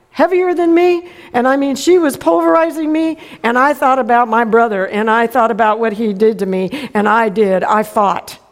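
A middle-aged woman preaching a sermon, telling a personal story in a folksy way and acting out the other people's lines. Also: high voice. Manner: folksy storytelling, acts out quotes.

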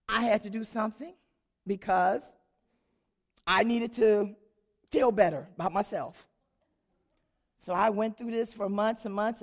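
Woman, church testimony, animated storytelling, husky, gravelly voice. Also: medium pitch, moderate pace. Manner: animated, acts out dialogue, laughs often. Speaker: church member giving testimony.

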